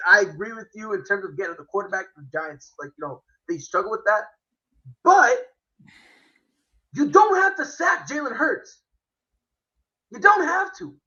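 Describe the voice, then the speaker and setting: A man hosting a casual football chat, animated and slangy, cursing freely. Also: extremely high pitch, lo-fi sound. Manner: animated, slangy, swearing, quick impressions. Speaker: host. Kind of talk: casual sports analysis chat.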